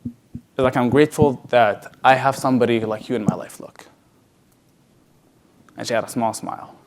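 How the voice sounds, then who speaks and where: Man, mid-pitched, speaking at a sales event: conversational storyteller, stumbles and restarts, goes soft and quiet when it gets tender. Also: moderate pace. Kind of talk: emotional personal story on stage. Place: large event hall.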